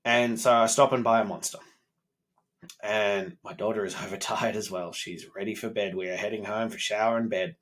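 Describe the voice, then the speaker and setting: A man's voice: lowish voice, steady tone, normal speed, a bit bright. A man, talking bluntly and with a lot of swearing, candid and self-critical, in a personal vlog monologue. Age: 30s. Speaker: self-improvement vlogger, father.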